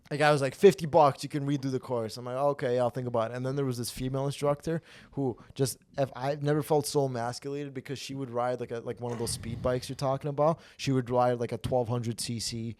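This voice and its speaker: A young man hosting a comedy podcast, telling a story in a casual, profane and animated way that turns loud when he rants. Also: mid-range voice, brisk. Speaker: podcast host.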